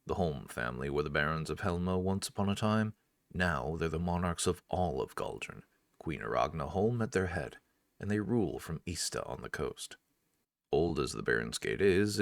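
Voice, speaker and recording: Deep gravelly male storyteller. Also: no room sound, clean studio sound. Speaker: audiobook narrator. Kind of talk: scripted narration of an interactive fantasy novel.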